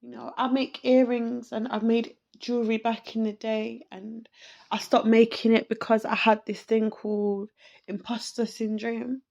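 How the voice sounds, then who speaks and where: A woman hosting a podcast, talking slowly and reflectively in an emotional personal monologue, close to tears and repeating herself as she searches for words. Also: on the high side, level tone, gravelly, dark tone, highs cut off. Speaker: podcast host.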